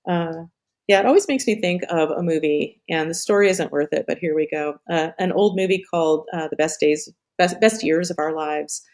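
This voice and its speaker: A woman's voice: low voice, normal speed, darkish tone. A middle-aged woman hosting a live stream in casual chat, rambling off on tangents, swearing and laughing often.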